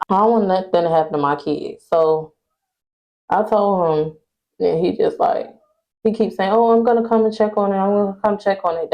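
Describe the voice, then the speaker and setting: Young woman venting to her followers, fed up, kinda low voice, muffled phone sound. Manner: exasperated, venting, talks straight to viewers. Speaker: vlogger. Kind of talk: casual storytime rant. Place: at home indoors.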